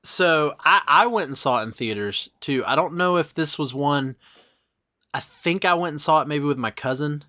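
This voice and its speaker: A man's voice: a little high, animated, normal speed, sharp tone. A man hosting a casual movie podcast, chatting and sharing comic book trivia. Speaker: podcast host.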